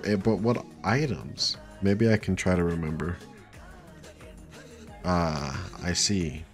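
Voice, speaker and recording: Deep-voiced man chatting through a game. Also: takes it slowly, long pauses. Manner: chatty, talks to himself, swears casually. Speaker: gaming streamer. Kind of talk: casual let's-play commentary. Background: faint game music.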